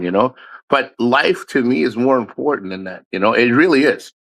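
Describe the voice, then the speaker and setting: A man's voice: medium pitch, normal speed, fairly bright tone, rough recording. Rambling, candid middle-aged man. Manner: candid, rambling, swears often. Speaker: livestream host. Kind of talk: casual livestream monologue.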